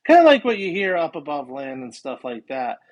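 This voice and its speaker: A man's voice: fairly high pitch, sing-song, brisk. Rambling man chatting on a podcast. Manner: rambling, many fillers and restarts. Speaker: guest paranormal investigator and scuba diver. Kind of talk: casual podcast chat.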